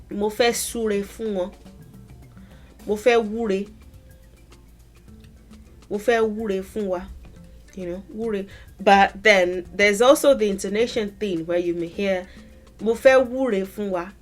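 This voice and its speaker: Female language teacher, mid-pitched, slow and conversational, models pronunciations as she explains. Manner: thoughtful, conversational, pauses to rephrase and model pronunciations. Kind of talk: explaining word meanings to camera.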